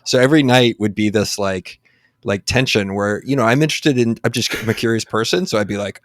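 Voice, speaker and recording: A man's voice: on the low side, a little fast, dry recording, clean studio sound. A man in his forties from San Antonio, hosting a podcast in casual, rambling conversation full of fillers and restarts. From San Antonio, Texas. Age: 40s. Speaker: podcast host.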